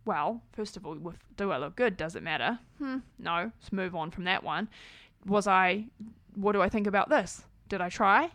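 A woman's voice: medium pitch, moderate pace, a bit bright, no room sound. A woman in her thirties talking frankly and with animation to camera, full of "like" fillers. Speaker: parenting vlogger. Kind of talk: casual talk to camera.

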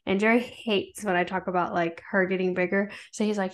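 A young woman and mother in casual chat, telling animated stories about her daughter. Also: mid-range voice, brisk. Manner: chatty, animated storytelling.

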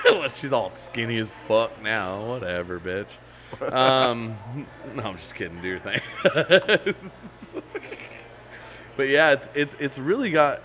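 A man's voice: mid-range voice, fairly bright tone, slight background noise. A man hosting a podcast, chatting casually about beer and old stories, swearing and laughing often. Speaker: podcast host. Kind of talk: casual chat.

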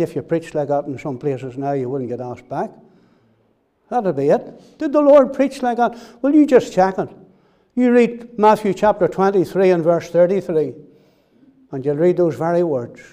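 A man's voice: high-pitched, dark tone. A man preaching a sermon in an earnest way, repeating key phrases and putting direct questions to his listeners.

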